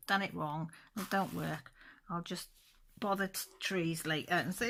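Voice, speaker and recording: Casting a chatty woman in her forties, slightly low voice with a crisp, bright edge, rambling craft chat. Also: expressive, moderate pace, slight background noise. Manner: chatty, rambling, corrects herself mid-sentence. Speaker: crafting channel host. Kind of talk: casual chat while crafting.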